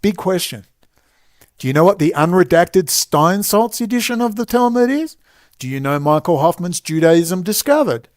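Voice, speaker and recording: An Australian man delivering a combative, sarcastic ranting monologue to camera, talking loudly. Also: on the high side. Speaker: online commentator.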